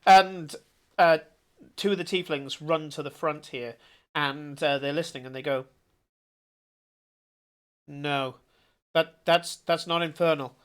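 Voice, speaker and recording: A man narrating as game master, bursting into loud character voices. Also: on the high side, takes it slowly, long pauses, clear, resonant tone. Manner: animated, shouting out character lines.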